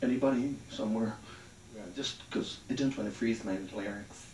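A man's voice: fairly low pitch, steady tone, normal speed. A man doing a rambling, crude stand-up set on a comedy club stage. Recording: roomy club sound, mic at a distance.

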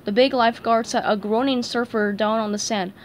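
A young woman reading a children's storybook aloud in an expressive, animated way. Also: a little high, brisk, a little hiss or hum. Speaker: story reader.

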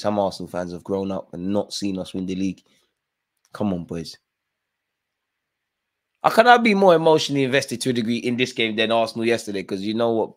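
A man hosting a live football watchalong, reacting loudly to the match with slangy banter and urging players on. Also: lowish voice. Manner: excitable, shouts at players, slangy.

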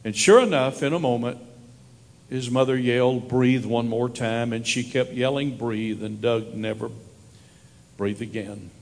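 A man preaching a sermon as a pastor, telling stories and moving from hushed, slow lines to raised ones. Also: medium pitch, big-room sound. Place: church sanctuary.

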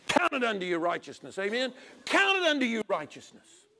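A middle-aged male pastor preaching a sermon in a fairly high voice. He urges loudly, then drops into quiet, almost whispered lines. He acts out little dialogues with God and people as he goes. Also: huge pitch swings, a little fast. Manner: swings from loud urging to quiet near-whispers.

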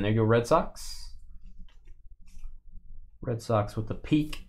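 A young man hosting a live card break stream, chatting in a teasing way and loudly calling out player names as he opens packs. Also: medium pitch, measured pace, pauses often.

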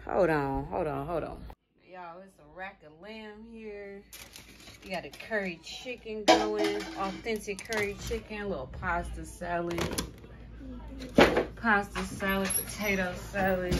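A woman's voice: medium pitch, measured pace, heavy background noise. A woman vlogging casually to her viewers from a busy family holiday cookout, chatting as she films on her phone. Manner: chatty, keeps calling out to viewers. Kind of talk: casual vlog chat to viewers. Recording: crowd chatter behind.

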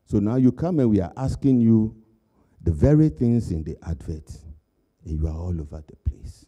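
A man's voice: fairly low pitch, expressive, moderate pace, warm tone, dull audio. An older man giving a conversational keynote speech, telling anecdotes and laughing at his own jokes. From Ghana. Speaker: keynote speaker.

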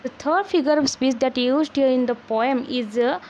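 Lady w/ talking thru a poem lesson, high voice, lots of uhs. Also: moderate pace, darkish tone, highs cut off, slight background noise. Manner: unscripted, many "uh" fillers, spells words out letter by letter. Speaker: literature teacher. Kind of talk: explanatory lesson narration.

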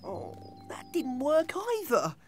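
An actor voicing a friendly, good-natured young male bear in a gentle animated children's series, earnest and worried. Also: sits high, slow, faint music behind, exaggerated voice. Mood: fretful.

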